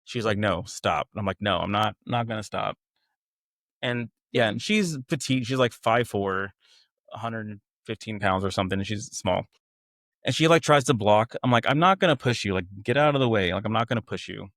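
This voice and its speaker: A young man with a fairly low voice talks candidly about a difficult chapter of his life. He tells it in a casual, conversational way and slips into the voices of the people he quotes. The sound is close and dry. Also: normal speed, a bit bright, no room sound. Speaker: guest. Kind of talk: candid personal storytelling.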